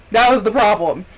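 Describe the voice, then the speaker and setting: A young woman streaming a game, telling stories in a casual, animated way and acting out quotes. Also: slightly rough, rough recording. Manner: animated storyteller, acts out quotes with big pitch jumps. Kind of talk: casual chat while gaming. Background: faint game music.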